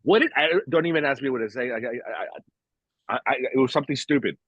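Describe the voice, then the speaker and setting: A man's voice: medium pitch, a little fast, fairly bright tone, no echo, muffled recording. A man co-hosting a casual podcast, ranting with lots of profanity. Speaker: podcast co-host. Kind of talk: casual chat.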